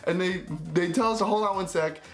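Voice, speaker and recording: A young man vlogging, telling a travel story in a lively way and acting out the people he quotes. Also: sits high, a little fast. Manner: animated, acts out quoted voices. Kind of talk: storytelling to camera.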